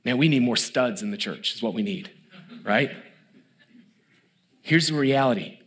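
A man in his thirties preaching a sermon as pastor, emphatic and building, dropping to a low hush on key words. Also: animated, measured pace.

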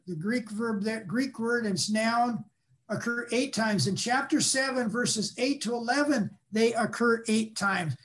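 An older man lecturing, explaining patiently and pausing to restate his points. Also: very high voice. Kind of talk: academic lecture.

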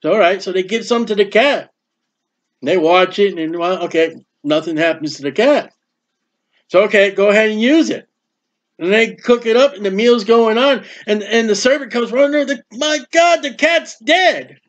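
A man's voice: high-pitched, moderate pace. A man preaching a sermon in a folksy storytelling way, acting out quotes from the stories he tells. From United States. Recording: dull lo-fi recording.

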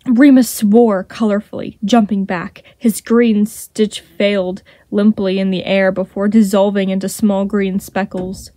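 A woman's voice: mid-range voice, level tone, unhurried, few pauses, dark tone, no echo, clean studio sound. A woman reading fan fiction aloud and hosting her own channel. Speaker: podfic reader.

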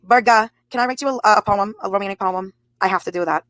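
A woman in her thirties talking to her live chat, blunt and profane, answering comments as they come in. Her voice sits at an ordinary middle pitch for a woman. The sound is close and dry, with no room echo. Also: normal speed. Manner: blunt and profane, addressing viewers' comments directly. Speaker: livestreamer. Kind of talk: live stream talk to chat.

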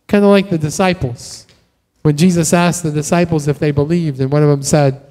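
A man preaching a sermon in a conversational, animated way, often tossing in "right?" to the congregation. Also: high voice, a little fast, big-room sound. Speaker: pastor. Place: church sanctuary.

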